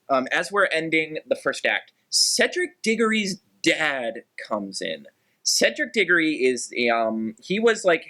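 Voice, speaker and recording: A man hosting a podcast chats in a rambling, animated way. His voice is bright and rises and falls a lot. He fills gaps with "um" and "like". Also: mid-range voice. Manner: animated, rambling, frequent fillers. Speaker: podcast host. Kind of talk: casual podcast chat.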